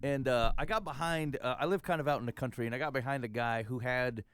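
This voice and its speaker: A man's voice: mid-range voice, fast talker, fairly bright tone, a little hiss or hum. A man telling a long, rambling, self-deprecating tall tale in casual podcast chat. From Iowa. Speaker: podcast host.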